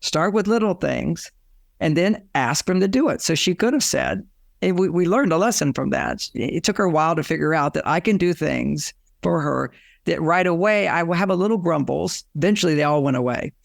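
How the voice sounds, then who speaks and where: Older man, gravelly, dry close sound, animated storyteller, interview guest. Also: on the high side, no echo. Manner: animated storyteller, acts out both sides of his anecdotes. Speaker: relationship author and guest.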